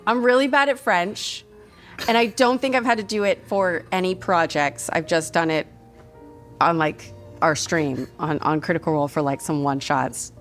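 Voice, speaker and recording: A woman chatting as a guest over tea, gushing and expressive. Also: on the low side, moderate pace, soft background music. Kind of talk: casual chat.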